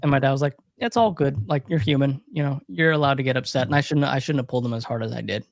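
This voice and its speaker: A young man co-hosts a recovery livestream, speaking earnestly and reflectively at a middle pitch. He drives points home by repeating phrases, and his voice sounds dry and close to the mic. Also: flat delivery, racing, creaky, dry recording. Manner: earnest, reflective, emphatic repetition. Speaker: recovery coach, livestream co-host. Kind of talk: casual livestream Q&A talk.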